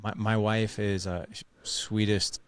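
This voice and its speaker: Low-voiced man, rambling casual host. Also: flat delivery, a little slow, clear, resonant tone, no echo. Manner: rambling, restarts often, says "dude" and "like". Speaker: podcast host. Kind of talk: casual conversation.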